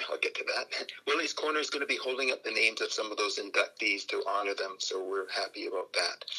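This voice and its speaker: An older man from Canada, a radio interview guest who tells lively stories and acts out the voices in them. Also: lowish voice, husky, poor audio. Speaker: guest, fan group founder.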